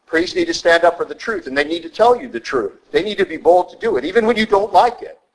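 Brief: a plain-spoken preacher, a touch high-voiced, driving his points home bluntly. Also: expressive, fast talker, poor audio. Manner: blunt, conversational, emphatic. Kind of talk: sermon.

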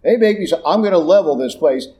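A blunt, exasperated God hands down orders in short, curt lines, as a preacher puts him on. The voice sits a bit high for a man but sounds mellow and warm rather than booming. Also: animated, fast, close to an everyday voice. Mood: fed up. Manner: curt, matter-of-fact scolding.

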